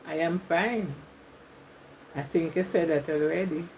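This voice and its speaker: A woman's voice: fairly low pitch, steady tone, a little slow, warm tone, slight background noise, low-quality recording. A Jamaican woman chatting with viewers on a live stream, reading comments aloud and laughing often. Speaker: YouTuber.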